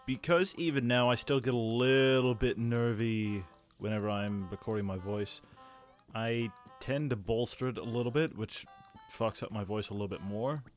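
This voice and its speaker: A man's voice: mid-range voice, moderate pace, soft background music. Wry Australian man chatting. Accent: Australian, mixed with American. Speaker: streamer. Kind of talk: casual chat.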